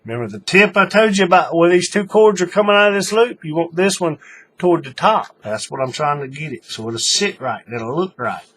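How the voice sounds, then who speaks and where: A man's voice: on the high side, animated, fairly quick, fairly bright tone, a little hiss or hum. A man giving a casual, folksy hands-on craft tutorial, talking while he works. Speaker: paracord tutorial maker.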